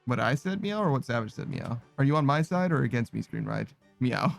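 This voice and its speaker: A man's voice: medium pitch, lively intonation, a little fast, creaky, faint music behind. A tired man live-streaming, casually reading out viewer messages and ending nearly every sentence with "meow," laughing and swearing along the way. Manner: laid-back, tired, laughs and swears often.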